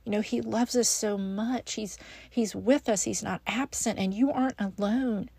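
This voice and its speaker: Earnest woman with a gravelly edge. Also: medium pitch, steady tone, moderate pace, dark tone, dry recording. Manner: earnest, encouraging, addresses listener as friend; frequent restarts and fillers. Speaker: podcast host. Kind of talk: devotional podcast talk.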